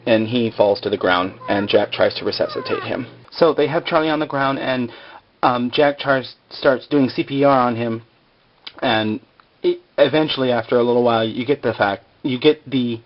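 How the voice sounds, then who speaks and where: A man's voice: mid-range voice, a little hiss or hum. Guy rambling thru an episode recap, lots of um and like, kinda muffled lo-fi sound. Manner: rambling, filler-heavy, joking asides. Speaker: video blogger recapping a TV episode. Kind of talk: casual spoken recap.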